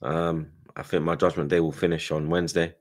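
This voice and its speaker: A man with a very low voice, bantering on a football podcast in a slangy, laid-back way. He reads out viewer messages with a teasing edge. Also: flat delivery, brisk.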